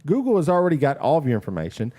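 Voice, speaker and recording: A man co-hosting a podcast in casual chat, jokey and animated, laughing often. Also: fairly high pitch, very fast. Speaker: podcast co-host.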